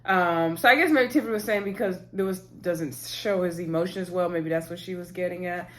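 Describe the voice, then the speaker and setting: A woman's voice: on the low side, a little fast, fairly bright tone. A woman casually recapping a reality TV episode, chatting to viewers as "y'all" and retelling scenes through quoted lines. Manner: retells scenes by quoting cast members.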